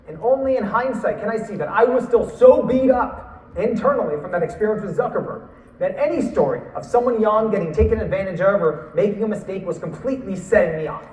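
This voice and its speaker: A man telling a story in a talk, lively, acting out what people said. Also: sits high, fairly quick, reverberant, far from the mic, rough recording. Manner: animated, acts out quotes and laughs. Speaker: speaker.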